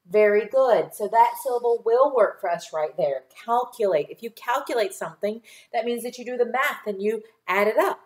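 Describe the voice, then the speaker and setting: A woman teaches a recorded phonics lesson to young children, speaking at a middle pitch. She draws each model word out slowly and clearly and keeps her tone patient and encouraging. The room around her gives back a noticeable echo. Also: a little mellow. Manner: slow, clear enunciation with drawn-out model words. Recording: echoey room.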